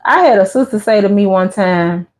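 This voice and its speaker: A woman's voice: medium pitch, moderate pace. Chatty woman livestream host telling stories. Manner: chatty storytelling with lively voiced asides. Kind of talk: casual chat reading live comments.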